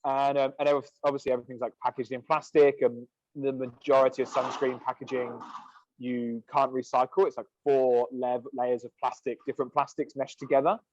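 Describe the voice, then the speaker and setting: A sunscreen company co-founder in his thirties appears as a podcast guest, chatting casually in a relaxed, rambling way full of "like" and "um." His voice is medium-pitched and fairly quick, and the recording sounds dull and dry.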